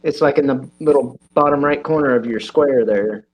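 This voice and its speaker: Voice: mid-range voice, moderate pace, breathy edge. A speaker with a Southeast Missouri accent chatting casually on a live stream, talkative and stumbling over restarts. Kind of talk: casual chat.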